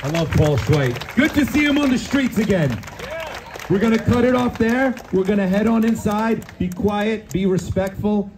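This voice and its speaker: A man's voice: high-pitched, lively intonation, moderate pace, noisy background. A man organizing a rally, urgently repeating instructions to the crowd outdoors. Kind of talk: addressing a crowd.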